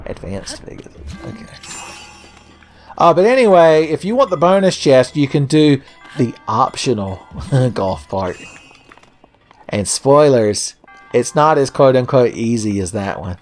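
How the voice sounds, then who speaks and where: A man's voice: medium pitch, darkish tone. Profane, sarcastic male gameplay commentator. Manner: profane, sarcastic, mock-exasperated ranting. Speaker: let's play host.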